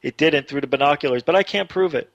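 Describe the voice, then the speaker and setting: A man telling a long personal story on a talk show, getting animated and louder as it builds. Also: a little high, fast, creaky, dry recording. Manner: animated, excited retelling with rising voice. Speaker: radio show guest. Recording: dull dry online radio audio.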